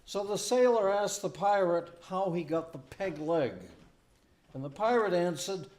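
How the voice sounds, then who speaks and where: A man's voice: sits high, measured pace, darkish tone. An older man from the Boston area, a minister, telling jokes on stage in a folksy, self-deprecating way with hesitant restarts. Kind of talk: stand-up joke telling. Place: community hall stage.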